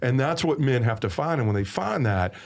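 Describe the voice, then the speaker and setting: A man's voice: medium pitch, expressive, a little fast, gravelly. Earnest preaching man, Southern accent. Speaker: guest. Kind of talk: personal testimony in a podcast conversation.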